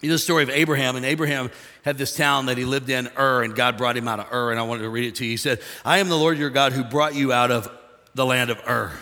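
Joking older preacher in a big hall. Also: male voice, mid-range voice. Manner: folksy, jokey, swings from hushed to shouting. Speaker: pastor. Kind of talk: sermon.

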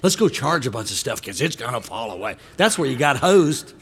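A man preaching a comedic sermon to a live congregation, often shouting and mock-singing. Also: medium pitch, a little fast. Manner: animated, shouting, mock-singing and laughing between lines. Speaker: pastor. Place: church hall with a live congregation.

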